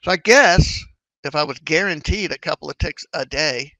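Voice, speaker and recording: With a slightly high voice and a normal pace, a trading instructor chats his way through the subject, animatedly performing his inner worries and hopes. No room sound comes through, but the recording is of low quality.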